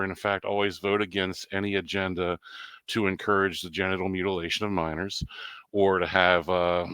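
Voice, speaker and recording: A man's voice: low-pitched, pushed and bright, smooth, no room sound, rough recording. A man giving impromptu, indignant political commentary on a podcast, emphatic with the occasional dry laugh. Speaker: guest commentator.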